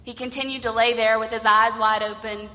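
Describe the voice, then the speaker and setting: Female pastor, high bright voice, storytelling sermon, reverberant hall. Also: little pitch movement, a little fast. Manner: storytelling, acting out voices in the tale.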